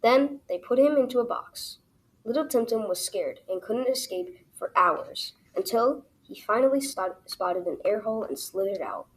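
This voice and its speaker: A woman reading her own children's story aloud as the storyteller, in an expressive, animated way. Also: on the high side, normal speed, poor audio.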